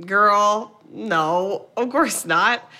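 A woman co-hosting a podcast, retelling a film's plot in a casual, animated way, quoting the characters and swearing now and then. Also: mid-range voice, drawn-out words. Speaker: podcast co-host. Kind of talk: casual movie recap chat.

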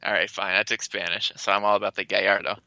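A man's voice: fairly low pitch, little pitch movement, quick pace, gravelly, bright, forceful tone, no room sound, rough recording. A man co-hosting a casual sports podcast, giving plain opinions and teasing his co-host. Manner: teasing, matter-of-fact opinions.

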